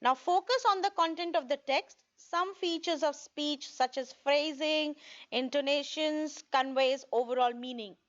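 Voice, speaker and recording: A woman with a high voice gives a recorded test-prep lesson, going over tips and often pausing to ask "okay?". The sound is a bit dull and lo-fi. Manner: repeats points, checks in with "okay?". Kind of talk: online video lesson.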